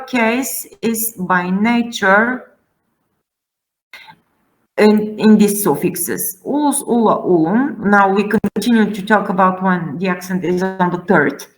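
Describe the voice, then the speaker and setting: A woman lecturing students on pronunciation rules. She talks slowly and pauses often, filling the gaps with hesitations. Her voice sits at an ordinary middle pitch. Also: rough recording. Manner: slow, halting, many fillers. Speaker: Latin teacher. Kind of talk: classroom lecture.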